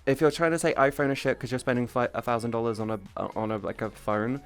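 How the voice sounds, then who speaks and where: Chatty, swearing streamer over soft music. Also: medium pitch, fast talker. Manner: animated, swearing, restarting sentences. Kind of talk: casual chat on a livestream.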